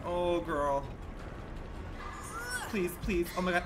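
A man livestreaming a game in campy, slangy commentary that swings between loud outbursts and low mutters. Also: steady tone, normal speed, long pauses, crowd noise. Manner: campy and dramatic, full of slang. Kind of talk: live gameplay commentary. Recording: loud game music under the voice.

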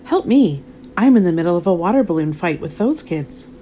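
A woman voicing a bold, playful young girl in a storybook read-aloud, speaking in a high, bossy, energetic way. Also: a little fast, a little hiss or hum, lightly acted.

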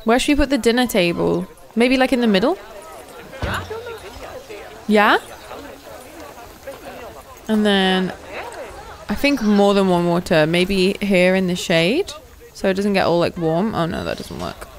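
A young woman hosting a relaxed gameplay video, talking at an unhurried pace. Her voice sits in a middle pitch, and she coos and gushes over the animals as she plays. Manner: gushing, cooing over animals. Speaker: gaming video host. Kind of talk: casual gameplay commentary.

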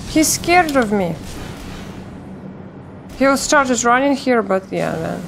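A woman's voice: on the high side, lively intonation, slow, vocal fry, long pauses, noisy background. A woman commenting on her own gameplay, swearing a lot and shrieking when startled. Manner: swearing, yelping and shrieking at scares; talks to herself and the viewers. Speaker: gamer playing a let's play.

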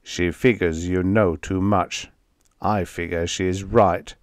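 Man doing a gruff, menacing truck driver. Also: low voice, steady tone, slow pace, no echo, studio quality.

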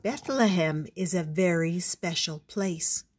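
Brief: woman reading as a wise storybook owl, patient and a bit stern, low, slow and husky. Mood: calm, explaining. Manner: calm, explaining, a little stern.

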